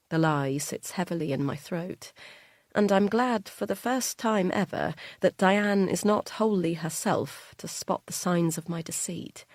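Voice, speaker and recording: A woman narrating an audiobook in the first person, measured and quietly tense. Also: on the low side, no echo, studio quality.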